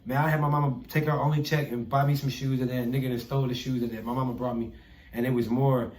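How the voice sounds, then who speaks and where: A man's voice: mid-range voice, fast. Young man telling stories, roomy echo. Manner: animated, swearing, acts out quoted people. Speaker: podcast guest, artist. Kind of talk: casual storytelling chat.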